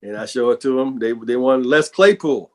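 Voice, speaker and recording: A middle-aged man, a bassist, telling stories in a casual interview, animated and often repeating words as he goes. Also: moderate pace. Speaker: bassist and guest.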